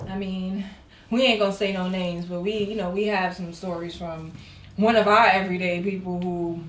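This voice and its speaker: A woman's voice: lowish voice, fairly even intonation, moderate pace, slight background noise. A woman co-hosting a casual podcast chat, blunt and profane, trailing off with fillers. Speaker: podcast co-host. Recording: echoey room, off-mic.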